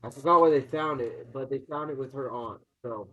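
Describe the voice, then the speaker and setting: A man retelling a horror film's plot in a casual, excited, swear-heavy chat, laughing as he goes. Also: mid-range voice, brisk. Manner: excited, profane, laughing storyteller. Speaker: co-host, movie reviewer. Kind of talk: casual movie review chat. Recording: dull lo-fi sound.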